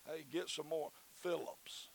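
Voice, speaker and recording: Brief: Southern pastor, high-pitched man, folksy and fervent, sermon delivery. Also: flat delivery, a little slow, vocal fry, slight background noise, rough recording. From Southern United States. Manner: folksy, repetitive, rising to fervent preaching.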